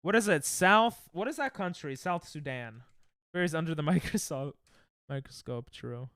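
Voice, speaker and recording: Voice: medium pitch, animated, moderate pace, a bit bright, clean tone, no echo, clean studio sound. A young adult streamer chatting casually with viewers while playing, reacting to chat and laughing often. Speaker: Twitch streamer.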